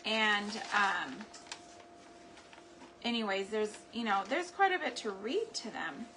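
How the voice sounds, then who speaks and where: A chatty woman talks through a craft project in her home kitchen, thinking aloud and chuckling when things go wrong. Her voice sits at an ordinary middle pitch for a woman. Clear background noise runs under the recording. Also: sing-song, slow, pushed and bright. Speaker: craft and homestead vlogger. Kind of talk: casual crafting chat to camera.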